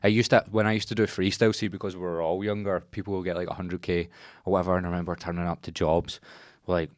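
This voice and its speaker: A man's voice: sits low, little pitch movement, fast, no room sound, studio quality. A man hosting a casual podcast chat, a coach who swears freely and laughs often as he talks.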